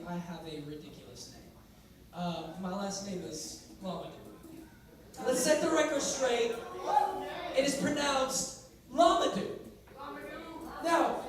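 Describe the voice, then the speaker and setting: A young man speaking as a youth speaker, talking casually and playfully to a live audience in a large hall. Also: high-pitched. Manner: playful and joking. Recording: echoey hall from far off with audience.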